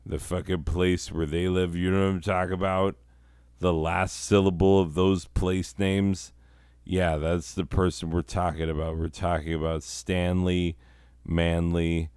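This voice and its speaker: A man's voice: low voice, darkish tone, clean tone, dry recording, studio quality. A man hosting a comedy podcast, telling a rambling, profane story full of asides and self-corrections. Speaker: podcast host.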